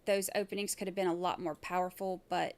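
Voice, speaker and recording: A woman with a lowish voice and little pitch movement talks briskly while hosting a casual livestream about a trial. Her commentary is chatty and wandering, heavy on fillers.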